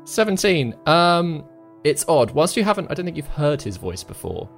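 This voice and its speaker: A man narrating as game master in a relaxed, halting way with fillers. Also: a little high, gravelly, faint music behind.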